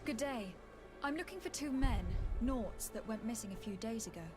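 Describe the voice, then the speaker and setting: A woman's voice: fairly high pitch, lively intonation, normal speed, a little mellow, lightly acted. An actress playing a poised noblewoman emissary in a game, polite and formal. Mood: inquiring. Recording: game audio with music behind.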